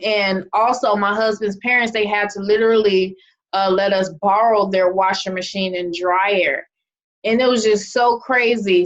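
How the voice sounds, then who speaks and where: A young adult woman giving a casual presentation on a video call, chatty and often checking in with "okay?". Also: on the high side. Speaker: online marketing presenter. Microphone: video call microphone. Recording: muffled video call audio.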